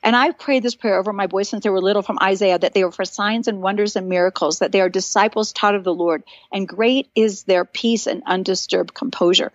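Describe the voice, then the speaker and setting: A middle-aged woman, a guest on a podcast, telling stories in an animated, earnest and encouraging way. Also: medium pitch, a little fast, few pauses, no room sound, lo-fi sound. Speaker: podcast guest, author and speaker. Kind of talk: casual chat.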